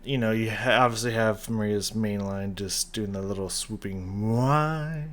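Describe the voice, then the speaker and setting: A man's voice: on the low side, a bit bright. A man casually reacting to and breaking down a song, rambling with enthusiasm, humming melody bits and swearing casually. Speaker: music reaction channel host.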